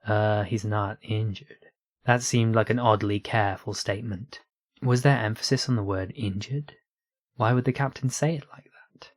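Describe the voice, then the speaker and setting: A man narrating a science fiction story aloud in a steady, unhurried reading voice. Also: medium pitch, no room sound. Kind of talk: audiobook reading of online fiction.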